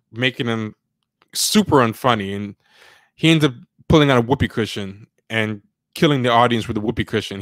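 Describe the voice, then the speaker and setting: A man co-hosting a casual livestream podcast, talking in a rambling, sardonic way and mocking people with quick impressions. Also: on the low side, fairly bright tone, smooth, dry recording, studio quality. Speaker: podcast co-host.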